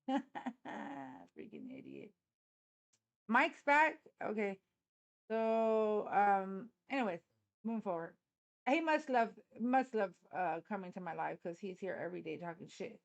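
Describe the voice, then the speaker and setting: A woman with a mid-range voice, lively intonation, and a moderate pace hosts a casual political live stream from a hot indoor room. Streaming on a phone, she talks bluntly and mocks viewers, swearing plenty.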